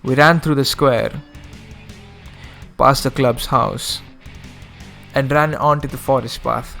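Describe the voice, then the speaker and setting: A man's voice: medium pitch, fairly even intonation, takes it slowly, creaky, pushed and bright, soft background music. A man streaming, reading a visual novel aloud and breaking off for casual asides. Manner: casual asides, self-correcting.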